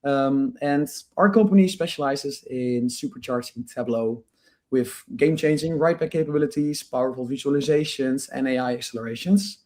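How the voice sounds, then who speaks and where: A man with a cold, a bit hoarse, answering as a guest on a video call and often restarting his sentences. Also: mid-range voice, normal speed, a little mellow. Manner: restarts, repeats words. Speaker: guest, company founder. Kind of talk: casual interview talk.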